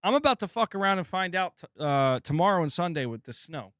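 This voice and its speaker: A man's voice: sits high, sing-song, brisk, fairly bright tone, dry recording, clean studio sound. Swearing laid-back guy with a sore throat. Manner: laid-back, swears a lot, laughs often. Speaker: gaming channel host. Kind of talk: casual livestream chat.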